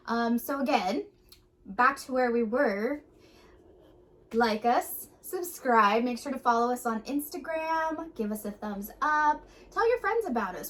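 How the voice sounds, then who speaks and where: A woman's voice: a little high, a bit bright. A woman in her late thirties co-hosting a casual movie reaction chat, talking with many fillers. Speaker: co-host.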